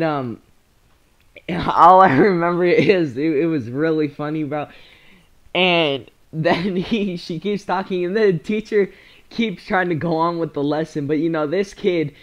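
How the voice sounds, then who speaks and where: A young speaker telling a casual storytime, rambling with slang and frequent laughter. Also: mid-range voice. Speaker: storyteller vlogger.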